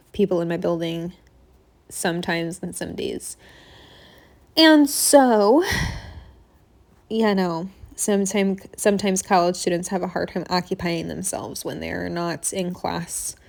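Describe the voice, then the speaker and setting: Chatty young woman narrating a makeup tutorial. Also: fairly low pitch. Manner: chatty, rambling, frequent fillers and asides. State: slightly out of breath. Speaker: makeup vlogger. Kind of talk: casual voice-over tutorial. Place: home apartment room.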